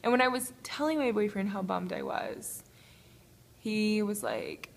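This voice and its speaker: A woman's voice: mid-range voice, very animated, creaky, a little hiss or hum. Tearful woman in a phone video diary. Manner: confessional, halting, with nervous laughs. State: tearful, crying. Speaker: vlogger. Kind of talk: emotional personal video diary. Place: small apartment-complex gym, indoors. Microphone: phone held to the face.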